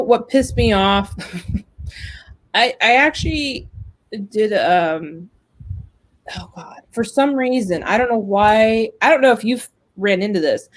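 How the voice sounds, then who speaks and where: In poor audio, a woman with a mid-range voice hosts a casual web talk show. She tells a long, chatty story about job hunting, packed with fillers.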